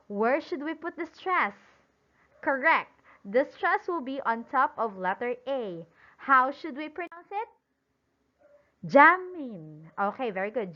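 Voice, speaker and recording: A woman teaching an English lesson slowly and emphatically, pausing for imagined answers and praising them. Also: sits high. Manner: praising and drawing out example words. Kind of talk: recorded classroom-style lesson. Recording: dull lo-fi sound.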